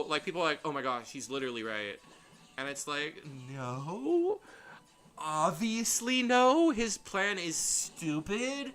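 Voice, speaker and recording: A man chatting through a blind game playthrough, rambling and animated as he goes off on tangents. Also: fairly high pitch. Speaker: game streamer. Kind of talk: casual gameplay commentary.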